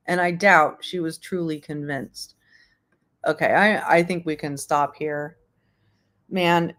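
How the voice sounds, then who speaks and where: A woman hosting an online book club, reading aloud and then talking about the book frankly with plenty of fillers and the odd curse. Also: on the low side. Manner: frank, rambling, profanity with fillers.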